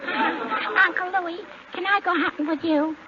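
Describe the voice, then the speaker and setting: A woman's voice: very high-pitched, measured pace, a faint crowd. A cheeky little girl. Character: cheeky little girl Matilda, three and a half, wisecracking. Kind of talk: 1940s radio comedy acting. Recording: muffled 1940s radio broadcast with hiss.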